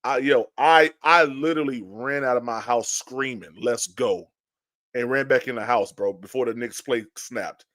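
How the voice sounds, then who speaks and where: A man hosting a fan podcast, telling stories in a lively, casual way with many restarts and greeting chat viewers. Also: mid-range voice, moderate pace, no echo, clean studio sound. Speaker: podcast host. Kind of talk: casual live-stream chat.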